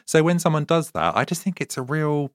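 A man's voice: a little high, animated, fairly quick, no echo, studio quality. A young man hosting a podcast interview, chatty and agreeable, now and then swearing for laughs. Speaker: podcast host. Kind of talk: casual interview.

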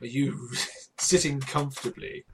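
A man co-hosting a casual podcast, teasing his friend with quick jokes and frequent giggles. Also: mid-range voice, noisy background. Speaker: podcast co-host. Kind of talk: casual banter.

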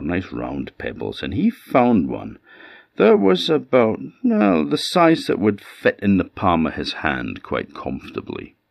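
A man with an Orkney Scots accent telling a folktale in a relaxed, conversational way. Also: extremely low pitch, creaky, no room sound, dull audio. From Orkney, Scotland. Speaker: storyteller.

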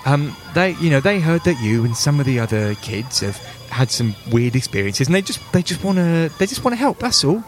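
A man voicing a warm, rambling mother in a tabletop game, speaking higher than his own voice. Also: big pitch swings, fairly quick, few pauses. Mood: reassuring. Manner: rambling, soothing. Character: fussy, warm local mum.

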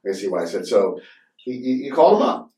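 A man's voice: lowish voice, big pitch swings, fast, mellow. A man hosting a podcast, chatting casually and rambling with many fillers and restarts. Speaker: podcast host. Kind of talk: casual conversation. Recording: roomy sound from a distant mic.

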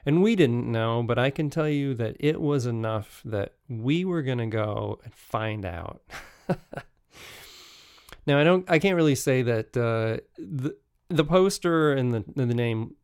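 Man, podcast host, relaxed travel storytelling, slow delivery, halting with restarts, smooth voice. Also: mid-range voice, dry recording, clean studio sound.

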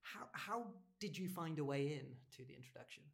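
A speaker with a mid-range voice talks in a calm, reflective way. The delivery is measured and conversational, building thoughts step by step. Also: medium pitch, gravelly. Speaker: bookshop podcast co-host. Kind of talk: casual conversational discussion.

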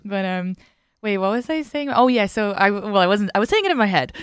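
A woman's voice: mid-range voice, expressive, clear, resonant tone, no room sound, clean studio sound. A young woman hosting a podcast, rambling through stories in casual chat and breaking off to laugh. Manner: rambling, self-interrupting, quick to laugh. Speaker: podcast host.

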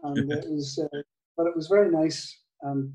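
An older man with a Northern Irish accent, telling a story in an interview, halting, with many restarts and soft laughs. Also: on the high side, recorded from a distance, soft background music. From Northern Ireland. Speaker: guitar maker, guest. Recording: echoey room, off-mic.

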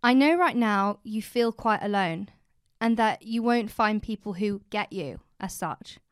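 A British woman co-hosting a podcast, chatting casually and reading a letter aloud in a gentle, reassuring way. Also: medium pitch, measured pace, clean tone, no room sound, studio quality. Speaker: podcast co-host.

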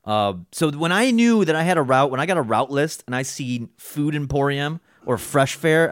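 A man's voice: a little high, lively intonation, normal speed, few pauses, no room sound, clean studio sound. A man chatting casually as a podcast co-host, telling stories with lots of swearing and acting out other people's voices. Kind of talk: casual storytelling chat.

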